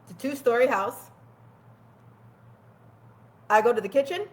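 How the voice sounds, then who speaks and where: A young woman telling a personal story in a candid, animated way, swearing freely and laughing often. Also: fairly high pitch, a little slow. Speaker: guest telling her life story. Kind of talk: casual storytelling.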